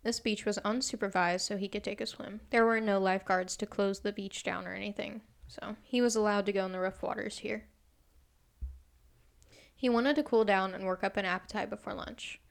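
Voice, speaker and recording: An American woman hosts a relaxed podcast, reading out a true crime case between bits of banter. She often stumbles over words and laughs at herself. Her voice sits at an everyday middle pitch. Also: normal speed, vocal fry. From United States. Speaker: podcast host.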